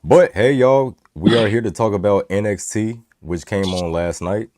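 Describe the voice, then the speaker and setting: A man's voice: moderate pace, a little mellow, no room sound, studio quality. A man co-hosting a casual podcast, laid-back and joking. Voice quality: deep smooth radio voice. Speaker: podcast co-host. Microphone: new microphone.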